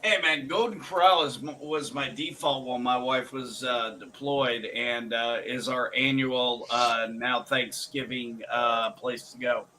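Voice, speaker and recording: A man with a New York accent, streaming and trading loud, joking banter late at night. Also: mid-range voice, steady tone, slight background noise. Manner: loud, quick to bristle, joking.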